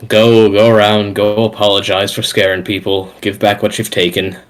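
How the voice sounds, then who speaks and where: Dude doing a huge stern warrior guy, low voice, firm and scolding. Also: little pitch movement, normal speed, natural voice. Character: big stern male warrior.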